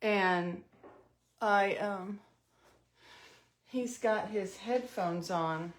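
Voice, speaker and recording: A middle-aged woman tells a rambling story at home in an unhurried, drawn-out way, her voice sitting at an ordinary middle pitch. She is chatty and pokes fun at herself as she works through her makeup routine. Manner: chatty, self-mocking storyteller. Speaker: vlogger doing makeup. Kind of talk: casual storytelling vlog.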